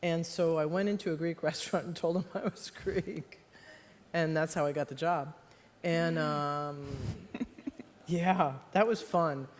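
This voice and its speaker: A woman's voice: low voice, steady tone, unhurried, long reverb tail. An American woman, the guest author, talking onstage before an audience in a rambling, self-deprecating way with frequent laughs. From United States. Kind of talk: live onstage conversation. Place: stage in a large hall before an audience.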